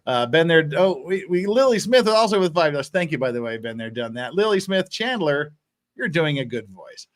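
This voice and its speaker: A male livestream host with a slightly high voice that rises and falls a lot. He chats casually and reads viewer messages aloud, laughing easily between them. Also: big pitch swings, normal speed.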